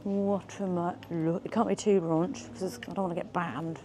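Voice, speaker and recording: A woman's voice: lowish voice, steady tone, normal speed, a crowd in the background. A woman, chatting in a bubbly, self-mocking way as she vlogs her day. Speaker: vlogger. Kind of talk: casual vlog chat. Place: shops and office, in and out.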